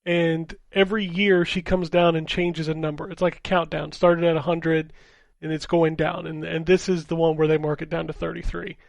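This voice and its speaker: A man's voice: a little high, level tone, normal speed, creaky, dry recording. A man co-hosting a casual gaming podcast, talking loosely and swearing as he explains game stories. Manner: casual, profane, explains plots plainly. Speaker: podcast co-host.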